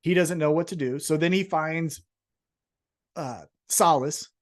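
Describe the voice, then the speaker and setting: A man's voice: on the high side, a little slow. A man co-hosting a wrestling podcast, recapping a show in casual, profane chat and acting out what the wrestlers said. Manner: profane, animated storyteller acting out quotes. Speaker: podcast co-host.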